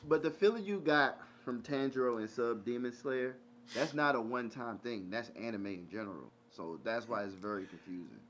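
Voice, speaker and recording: A man's voice: mid-range voice, normal speed, fairly bright tone, dull audio, a little hiss or hum. A man co-hosting a podcast in casual chat, teasing and arguing with disbelief. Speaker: podcast co-host.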